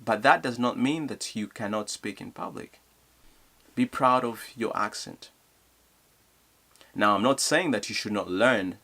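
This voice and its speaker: A man's voice: lowish voice, a bit bright, husky. A young man from DR Congo with a Congolese accent, speaking in a motivational vlog in an earnest, encouraging way, often asking rhetorical questions. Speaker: youth speaker.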